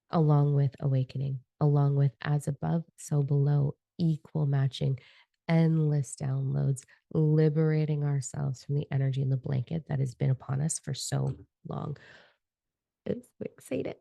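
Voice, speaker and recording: A woman with a low, gravelly, dark voice delivers a spiritual energy forecast using tarot cards, recorded with no room sound. Her monologue is passionate, fervent, rambling and profane, and she admits to getting carried away.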